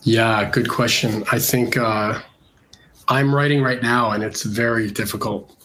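A man's voice: fairly low pitch, steady tone, measured pace, a bit bright, slight background noise. A Canadian-born illustrator, a man with a congested voice from a cold, talking casually and hesitantly with many fillers in an interview. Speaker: illustrator guest.

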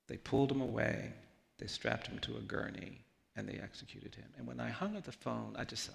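A man speaks in a heavily gravelly voice. He tells a personal story earnestly and unhurriedly, often dropping to a quiet hush. His voice carries the long reverb of a large hall. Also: medium pitch, normal speed. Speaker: guest speaker, lawyer.

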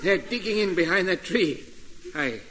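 A man's voice: sits high, normal speed, long reverb tail, heavy background noise, natural voice. A man doing a lecherous, cowardly old major. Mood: leering. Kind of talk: 1950s radio comedy acting.

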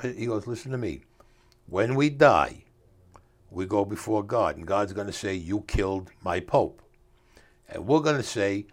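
This story comes from an older man being interviewed, his pitch fairly low. His delivery is streetwise and grammatically rough, with the quoted people's voices acted out.

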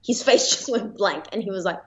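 An Australian woman speaks at an ordinary middle pitch, recounting her story in a relaxed, talkative way with plenty of "like" and "um" and laughter slipping in. The audio sounds slightly dull and lo-fi. She is a guest on a conversational podcast. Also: a little fast. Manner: chatty, many fillers, laughs while telling. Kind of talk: casual personal storytelling.

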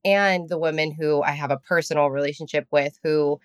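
Woman podcast host, lower voice, dry close sound, chatty, laughs a lot. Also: steady tone, brisk, smooth, no room sound. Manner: chatty, laughs often, acts out quotes. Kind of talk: casual interview chat. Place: room in New York with street noise outside.

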